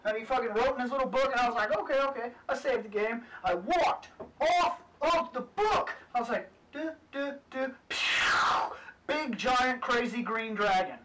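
A man's voice: extremely high pitch, moderate pace, fairly bright tone. A man on a casual podcast, telling a story with lots of swearing and acted-out quotes. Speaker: podcast panelist. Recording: distant mic with faint noise.

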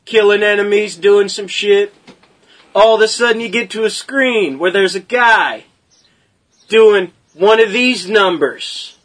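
A man's voice: high voice, measured pace, fairly bright tone. A man recounting a video game playthrough in casual, profane, rambling chat.

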